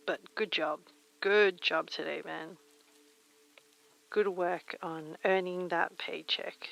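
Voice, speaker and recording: A young woman streamer chatting softly and reading poems aloud in a breathy, near-whispered voice through a retro telephone-style mic filter. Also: fairly low pitch, steady tone, slow, pauses often. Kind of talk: casual chat and poetry reading. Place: home streaming room. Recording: filtered lo-fi mic with faint rain.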